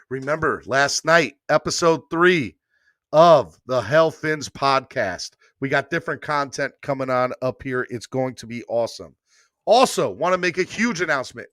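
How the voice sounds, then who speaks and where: A man's voice: no echo, studio quality. A man from New York hosting a sports podcast, energetically repeating promos and calls to sign up. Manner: energetic, repetitive hype-man pitching.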